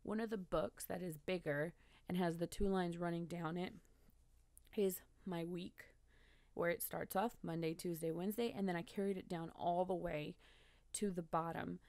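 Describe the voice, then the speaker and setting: A woman with a somewhat low voice narrates her planner in a relaxed, rambling way, often correcting herself and laughing softly. The recording is dry and close, with no room sound. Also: moderate pace, no room sound. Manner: chatty, rambling, self-correcting with small laughs. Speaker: bullet journal vlogger. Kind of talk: casual voice-over narration.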